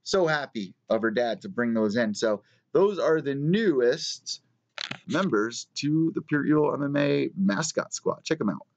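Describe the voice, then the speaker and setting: A man rambles through a story on his live show, peppering it with curses and side tangents. His voice sits at an ordinary middle pitch. The sound is dull and lo-fi, like a home stream mic. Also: lively intonation, a little slow. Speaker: host of a live news show. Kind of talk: casual live-stream chat.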